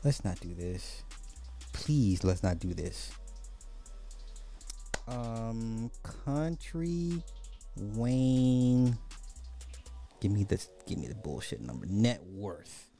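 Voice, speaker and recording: A man hosting a podcast, giving animated, joking commentary and repeating phrases for effect. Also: on the low side, extremely slow, vocal fry, pauses often, faint music behind. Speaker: podcast host. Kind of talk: casual comedic commentary.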